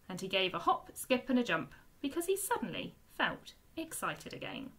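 Expressive woman reading a storybook aloud. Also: mid-range voice, moderate pace, breathy edge. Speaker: primary school teacher. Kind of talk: reading a children's book aloud.

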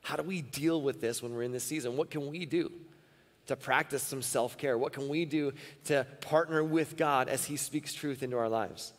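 A man's voice: mid-range voice, moderate pace. A man preaching a sermon as pastor at a church service, earnest and repeating phrases for emphasis. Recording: long reverb of a church hall.

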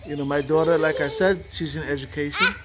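An older man rambles in a casual home vlog, peppering his talk with "you know" and other fillers and tags. His voice is fairly high and fairly quick.

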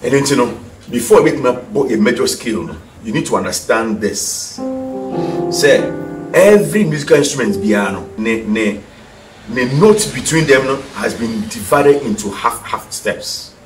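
A man's voice: medium pitch, lively intonation, normal speed, recorded from a distance. Ghanaian man teaching piano, roomy sound. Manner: repeats key terms and quizzes the viewer. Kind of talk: TV music lesson, mixing English and Twi. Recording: echoey room, voice from off the mic. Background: piano notes.

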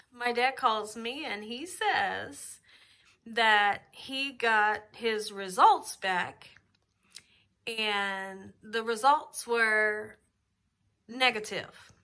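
A cooking channel host films a casual personal vlog at home with the camera very close to her face. Her voice is a little high with a sharp tone, and she speaks in a heartfelt, emotional way, slow and drawn-out.

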